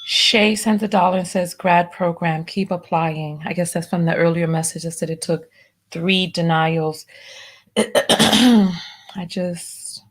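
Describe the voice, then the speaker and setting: A woman hosting a live stream, reading out viewer donation messages and softly thanking each one. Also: on the low side, slow. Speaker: livestream host.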